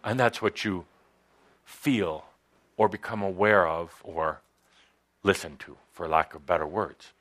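A man teaching a spiritual workshop to a studio audience, talking in halting phrases with frequent pauses. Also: deep voice, fairly bright tone. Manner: halting, hesitant with many pauses and fillers.

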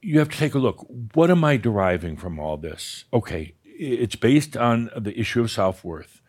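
A spiritual teacher leads a live workshop before an audience, coaching a participant bluntly, swearing and often laughing. His lowish voice is sing-song, darkish and breathy, delivered at normal speed.

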